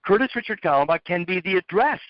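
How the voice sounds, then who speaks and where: A man's voice: sits high, lively intonation, fast, dry recording. A man giving a lecturing monologue, posing rhetorical questions and repeating his phrases for emphasis. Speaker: speaker. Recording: dull, dry lo-fi recording.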